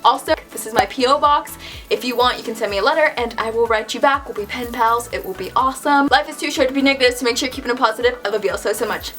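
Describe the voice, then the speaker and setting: A young woman tells a story straight to camera in a slightly high voice, scattering "like" through every sentence. She is animated and exasperated. Faint music plays in the background. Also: fast talker. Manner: chatty, filler-heavy with frequent "like". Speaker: vlogger. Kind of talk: casual storytime chat.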